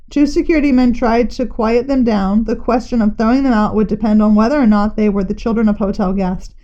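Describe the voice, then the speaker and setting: Woman, storybook read-aloud, lively narration, fairly high voice, muffled lo-fi recording. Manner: lively, puts on brief character voices. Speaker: narrator reading a children's novel aloud.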